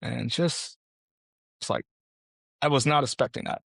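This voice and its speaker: A man's voice: medium pitch, vocal fry, a bit bright, breathy edge, no room sound. Earnest man telling a personal story. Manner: earnest, halting, with restarts. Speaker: podcast guest, widower.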